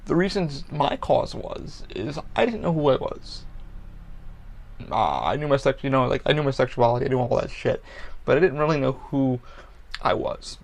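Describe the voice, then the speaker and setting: A man's voice: medium pitch, very animated, gravelly, a little mellow. A man hosting his own podcast, talking bluntly and candidly about his life, swearing often and restarting sentences as he goes. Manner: blunt, profane, halting with restarts. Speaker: podcast host. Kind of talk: candid personal monologue. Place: Florida.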